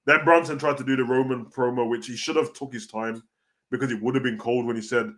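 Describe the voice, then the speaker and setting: A British man hosting a casual wrestling reaction stream. He is animated and slangy, tacking "bro" onto nearly every line. His voice sits at an ordinary male pitch. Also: brisk. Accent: British (London street slang).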